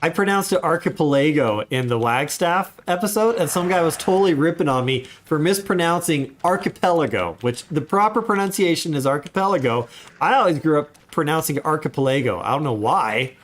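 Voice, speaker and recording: A man's voice: on the high side, animated, fairly quick, hardly any pauses. A man chatting casually while he livestreams a game, rambling into asides as he plays. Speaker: gaming streamer.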